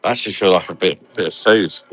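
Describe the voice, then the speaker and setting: A man's voice: sits low, fast talker, fairly bright tone, soft background music. An English man vlogging casually from a holiday resort, talking bluntly and swearing freely. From England. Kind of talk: casual vlog chat.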